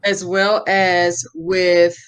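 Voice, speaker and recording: A woman's voice: lowish voice, level tone, extremely slow, clear, resonant tone. Encouraging woman podcast host. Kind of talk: casual interview conversation.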